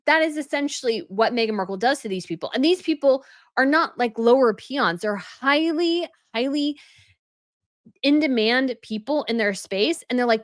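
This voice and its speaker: A woman's voice: high-pitched, expressive, normal speed, dry recording, clean studio sound. A woman giving casual news commentary as a channel host, chatty and full of fillers.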